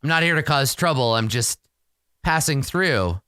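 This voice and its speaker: A man's voice: medium pitch, expressive, moderate pace, sharp tone, smooth, no room sound, clean studio sound. A man playing a cocky, flirtatious adventurer. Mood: reassuring. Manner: flirty, boastful, stammering. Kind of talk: solo tabletop role-play.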